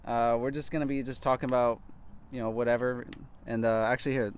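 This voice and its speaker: A man's voice: mid-range voice, little pitch movement, fairly quick, clear, resonant tone. Young man hosting a casual chat. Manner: loose, restarting, directing the shoot. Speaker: host.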